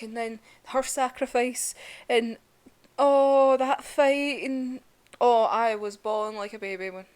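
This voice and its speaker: A woman's voice: on the high side, a little mellow, smooth. A young woman, ranting casually and emotionally in a vlog, laughing often and swearing. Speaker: vlogger reviewing manga.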